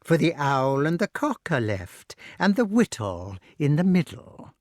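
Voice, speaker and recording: A man's voice: on the high side, big pitch swings, a little slow, a little mellow, no room sound, studio quality, voice pushed up. A man voicing a cruel, greedy old witch in an audiobook, drawing out her words with relish in a sing-song way. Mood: gloating. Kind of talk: audiobook character voice.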